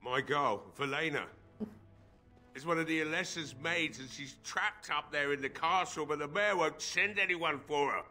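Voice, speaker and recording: A weary drunk old blacksmith. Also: male voice, on the high side, normal speed, pushed and bright, faint music behind. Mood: despairing. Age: older. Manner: weary, despairing. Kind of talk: video game dialogue.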